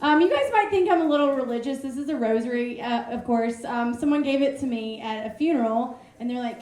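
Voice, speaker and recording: A woman's voice: on the high side, brisk, hardly any pauses, darkish tone. A woman hosting a comedy show from the stage, chatting with the crowd and bringing up comedians. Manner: chatty, upbeat crowd banter. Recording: echoey club room with crowd.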